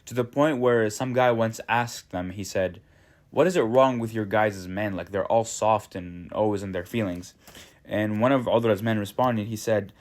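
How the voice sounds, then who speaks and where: Slangy, chatty male storyteller. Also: medium pitch. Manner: slangy, chatty, animated retelling. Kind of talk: casual storytelling.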